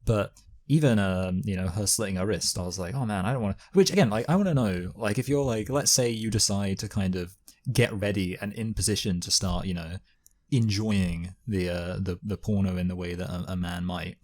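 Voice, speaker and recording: A man with a very low, deep voice talks over a film in loose, casual chat. He rambles and circles back, and his sentences are full of fillers and restarts. He sounds like a co-host riffing on a review show. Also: normal speed, a little mellow.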